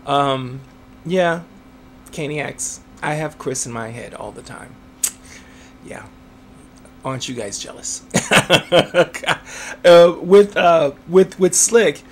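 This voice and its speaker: A man's voice: mid-range voice, a little hiss or hum. A man, an author, answering interview questions in a chatty way, laughing often and using many fillers.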